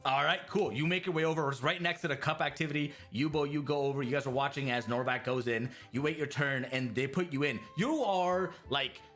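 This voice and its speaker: A man running a tabletop game as game master, animated and laughing, with faint music behind. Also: fairly high pitch. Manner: animated, laughing, quick restarts.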